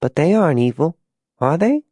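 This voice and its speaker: A man voicing a six-year-old frontier girl who asks soft, childlike questions. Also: a little high, big pitch swings, moderate pace, slightly rough, no room sound, studio quality, voice pushed up. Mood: pleading.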